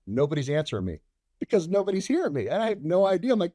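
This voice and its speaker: A middle-aged man tells a combat story from the cockpit at a quick clip, acting out the radio chatter as he goes. His voice sits at an ordinary pitch but shoots up when he plays the frantic calls. It is recorded close and dry. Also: sing-song, dark tone, no room sound. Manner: acts out radio calls and dialogue, rising sharply in pitch. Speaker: fighter pilot guest. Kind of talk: animated war storytelling.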